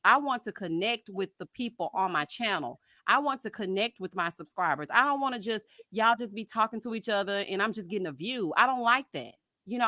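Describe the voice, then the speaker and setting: A woman's voice: fairly high pitch, pushed and bright, no room sound, studio quality. A sassy woman from Houston with a Southern twang, in her late thirties or around forty, ranting to her viewers and calling them honey and child. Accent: Southern US, Texas. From Houston, Texas. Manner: sassy, dramatic, calls listeners honey and child. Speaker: YouTube commentary host. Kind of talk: animated casual rant.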